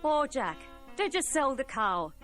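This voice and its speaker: A woman's voice: high-pitched, sing-song, a little slow, a bit bright, soft background music, full character voice. A woman voicing a poor, exasperated mother who scolds her son fretfully. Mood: stern.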